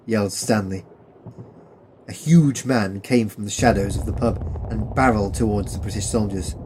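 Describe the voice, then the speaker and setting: A man narrating a war story audiobook in a plain, steady reading. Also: on the low side, moderate pace, slight background noise, low-quality recording.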